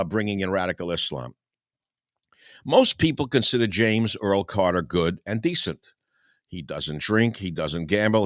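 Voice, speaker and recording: An older man with a low voice reads his own satire aloud, breaking off for sharp, combative asides. His delivery is sarcastic and chuckling, and the sound is dry and close to the mic. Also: dry recording. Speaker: radio talk host.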